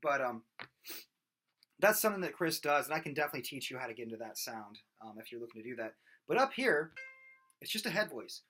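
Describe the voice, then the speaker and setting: A man's voice: medium pitch, sing-song, quick pace, pauses often, slight background noise. A man giving a casual singing lesson, explaining in a loose, rambling way with plenty of fillers and restarts. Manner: loose, rambling explanations broken by loud belted and screamed sung examples. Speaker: vocal coach.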